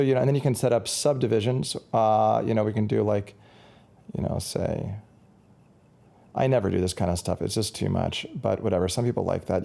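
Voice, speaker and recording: Gravelly, mellow-voiced man rambling casually. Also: on the low side. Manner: rambling, chatty, self-correcting. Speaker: musician reviewing gear. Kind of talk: casual product review.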